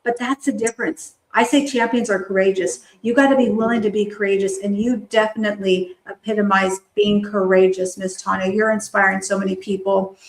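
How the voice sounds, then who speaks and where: A woman's voice: mid-range voice, fairly even intonation, a little fast, few pauses. A woman hosting a live online talk show, upbeat and cheering her guest on. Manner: enthusiastic, cheering. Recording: roomy echo.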